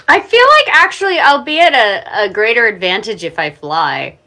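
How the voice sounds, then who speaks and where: A woman's voice: medium pitch, very animated, bright, forceful tone. A woman playing a tabletop game, playful and giggly as she talks through her moves. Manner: playful, giggly, drawn-out delivery. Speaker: player.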